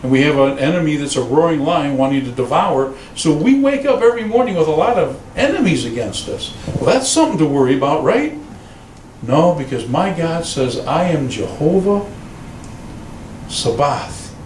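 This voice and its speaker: A man preaching as a pastor, telling stories and acting out quoted voices with lively delivery. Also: fairly quick, roomy sound, far from the mic, a little hiss or hum, low-quality recording. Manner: animated storytelling, voices quotes in a raised pitch. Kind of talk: sermon. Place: church sanctuary.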